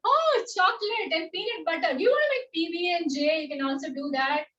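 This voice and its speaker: A woman with an Indian English accent, leading a playful online yoga class for children in an animated, sing-song, encouraging way. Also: very high voice, brisk, highs cut off, a little hiss or hum.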